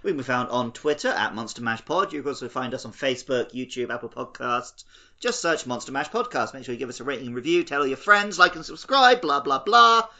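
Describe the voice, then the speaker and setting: A man's voice: mid-range voice, fast talker, pushed and bright. A man co-hosting a casual podcast, chatty and eagerly explaining. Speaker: podcast co-host. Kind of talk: casual chat.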